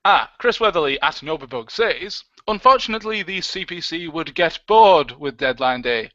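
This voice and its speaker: A man's voice: a little high, expressive, normal speed, pushed and bright, no room sound. A man co-hosting a casual livestream, joking and reading out comments and tweets. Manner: jokey, reads out comments and tweets. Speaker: livestream co-host. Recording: dull, lo-fi dry sound.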